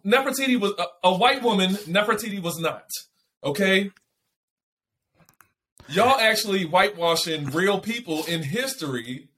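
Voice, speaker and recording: A man co-hosting a podcast from home, talking bluntly and profanely in an animated rant. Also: high voice, slight background noise. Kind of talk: casual chat.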